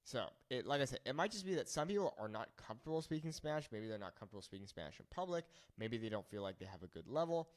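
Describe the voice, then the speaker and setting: A young man teaching Spanish phrases in a casual video lesson, saying each phrase slowly and then repeating it. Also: medium pitch, sing-song.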